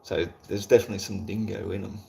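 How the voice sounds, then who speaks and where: Aussie streamer, male, laid-back rambler, deep gravelly voice, light swearing. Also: flat delivery, quick pace, warm tone, slight background noise. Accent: Australian. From Australia. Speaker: livestream host. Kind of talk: casual chat while reading viewer comments.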